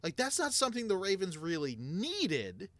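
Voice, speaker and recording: A man with a bright, forceful, fairly high voice, co-hosting a casual sports podcast. He tells his story in a chatty way and gets louder when something excites him. The sound is dry and close. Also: moderate pace, dry recording. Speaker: podcast co-host.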